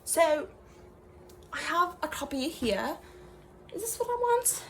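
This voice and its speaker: A woman's voice: high-pitched, very animated, slow pace, fairly bright tone, a little hiss or hum, exaggerated voice. A young woman playing a self-serious fake professor in an improvised comedy sketch, talking in a rambling, mock-serious way with lots of fillers and trailing sentences. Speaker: comedy creator.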